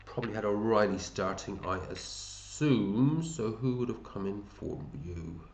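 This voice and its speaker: A man's voice: on the low side, a little slow, darkish tone, roomy sound. A man hosting a fantasy football league, chatting casually and matey as he runs through scores and thinks aloud. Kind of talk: casual commentary over a screen.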